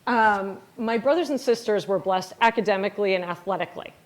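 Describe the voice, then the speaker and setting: A woman's voice: mid-range voice, a little fast. A middle-aged woman from Wisconsin giving a lecture as a company founder, chatty and self-deprecating, acting out bits of dialogue as she tells stories. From Wisconsin, USA. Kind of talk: storytelling lecture.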